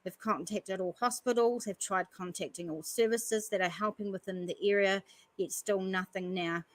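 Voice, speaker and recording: A woman's voice: mid-range voice, fairly even intonation, normal speed, poor audio. A woman who hosts a podcast, reading news articles aloud and stopping often to add earnest comments. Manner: earnest, stops often to comment between passages. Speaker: podcast host.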